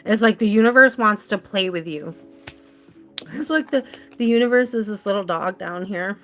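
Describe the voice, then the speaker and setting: Bright, chatty woman, casual live tarot reader, rambling and easygoing, light music under her voice. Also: medium pitch, expressive, moderate pace. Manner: chatty, rambling, laughs easily.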